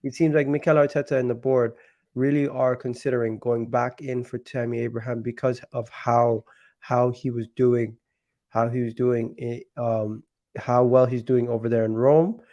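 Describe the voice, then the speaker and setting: A man hosting a casual football talk show, sounding sick and nasal, talking haltingly with many restarts. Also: mid-range voice, flat delivery, mellow. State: sick, nasal and deeper than usual. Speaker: football channel host.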